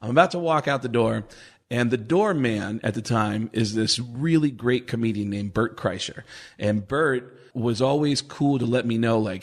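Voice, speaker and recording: A man in his forties, a comedian guest, telling animated stories and acting out the quotes. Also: mid-range voice, normal speed. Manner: animated anecdotes, acts out quotes. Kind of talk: casual storytelling.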